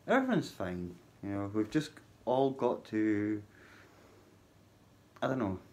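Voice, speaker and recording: A man talks slowly and haltingly to his viewers, pausing often on ums. His voice sits low, and his delivery is unhurried and dryly humorous. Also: big pitch swings, darkish tone. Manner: halting, many ums, wry humour. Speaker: vlogger. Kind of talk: casual spoken vlog. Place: hotel workplace at night.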